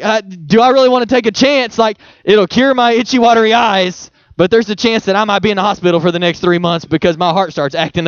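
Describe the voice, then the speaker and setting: Man, pastor, sermon, very high-pitched, conversational, playful, dry dull sound. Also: dry recording. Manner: conversational, playful, uses folksy examples.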